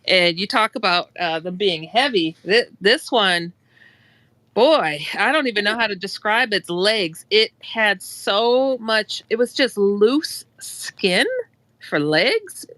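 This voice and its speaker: Woman host, lively storyteller, bright voice, dry close sound, laughs a lot. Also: slow pace, no echo. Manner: animated, laughs often, acts out quotes with rising pitch. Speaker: show host telling a personal story. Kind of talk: casual storytelling on a talk stream.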